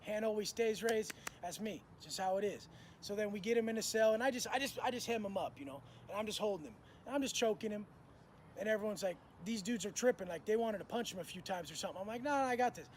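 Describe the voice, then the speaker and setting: Slight background noise sits under a man's high, quick-paced voice as he tells stories about life in prison. It's a loose, profane monologue in street slang, with him acting out the lines of the people involved.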